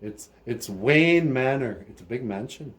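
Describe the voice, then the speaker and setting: A man's voice: medium pitch, animated, unhurried, pitched above the performer's own voice, natural voice. A man voicing a rich young hero, earnest and wounded, in a raised, exclaiming voice during comic storytelling.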